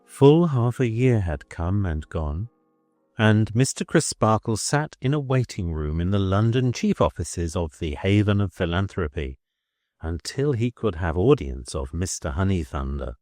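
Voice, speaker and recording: Brief: male audiobook narrator, deliberate and unhurried, expressive range, dry booth. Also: deep voice, no room sound. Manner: measured, deliberate reading. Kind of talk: scripted narration.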